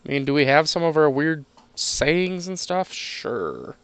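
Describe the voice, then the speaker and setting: A man with a slightly high, smooth voice talks through a coin hunt in an easygoing way. He chats casually and chuckles between remarks. The sound is close and dry. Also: big pitch swings, unhurried, fairly bright tone, no room sound. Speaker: coin collector streaming a penny hunt. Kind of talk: casual chat while sorting coins.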